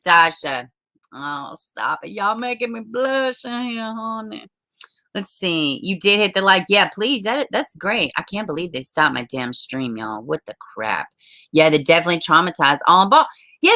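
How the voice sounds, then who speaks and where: A woman's voice: mid-range voice, bright, forceful tone. A woman hosting a casual livestream, chatting with viewers, swearing freely and greeting them with endearments. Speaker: livestream host. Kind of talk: casual livestream chat reading viewer comments.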